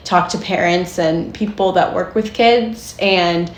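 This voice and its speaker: A woman's voice: on the low side, measured pace, reverberant. A young adult woman co-hosting a podcast as a therapist, explaining in a chatty way with many fillers and frequent laughs. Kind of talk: casual podcast conversation.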